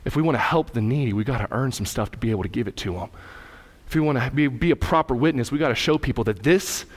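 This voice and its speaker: A man's voice: mid-range voice, fast talker. A male pastor preaching a sermon in a conversational way, asking the congregation questions and acting out little dialogues as he tells a story.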